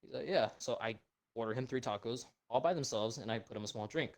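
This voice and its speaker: Fast-ranting young man, heavy swearing. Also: mid-range voice. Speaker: podcast co-host. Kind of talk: casual chat.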